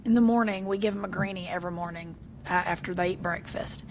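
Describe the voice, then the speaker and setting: A woman, co-hosting a casual podcast chat, animated and acting out quotes with frequent laughs. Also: fairly low pitch, quick pace, slight background noise. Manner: animated storyteller, acts out quotes, laughs often. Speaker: podcast co-host.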